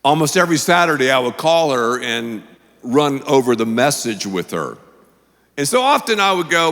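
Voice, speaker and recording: A man's voice: mid-range voice, big pitch swings, moderate pace, fairly bright tone. A man preaching a sermon as pastor in a church, emphatic and conversational, with punchy asides. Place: church auditorium. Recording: long reverb from the hall.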